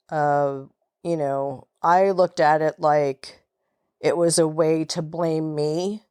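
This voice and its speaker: A New York woman with a New York accent hosts her podcast in a chatty, casual way, often laughing and trailing into fillers. Her voice sits low and she talks at an easy, unhurried pace. The recording is dry and close, with no room sound. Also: darkish tone, no echo. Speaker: podcast host. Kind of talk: casual solo podcast talk.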